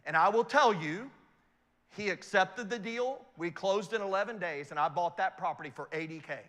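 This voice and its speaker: A middle-aged man giving a motivational talk to an audience, an animated storyteller who keeps asking whether his points make sense. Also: sits high, normal speed, in a large hall. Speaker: investment speaker.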